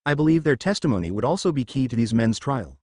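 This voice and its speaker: A man's voice: mid-range voice, very animated, quick pace, darkish tone, no echo, studio quality. A man reading the lines of a formal, stern male clan elder.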